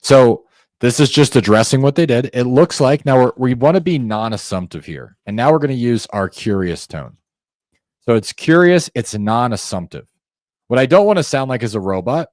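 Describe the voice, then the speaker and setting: A man's voice: mid-range voice, lively intonation, fairly quick, no room sound, clean studio sound. A man teaching sales call technique, talking viewers through a script and acting out how each line should sound. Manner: coaching, demonstrates phone tones by acting out calls; conversational, addresses viewers directly. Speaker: sales trainer. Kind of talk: instructional screen-share walkthrough.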